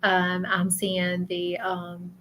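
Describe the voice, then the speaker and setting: Soft-spoken woman streaming live. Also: lowish voice, monotone, a little hiss or hum. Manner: soft, halting, many fillers. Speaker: psychic medium livestreamer. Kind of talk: casual live stream reading.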